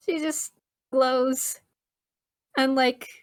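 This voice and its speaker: A woman's voice: high voice, steady tone, drawn-out words. A woman playing in a casual tabletop role-play, giggly and hesitant, with many fillers.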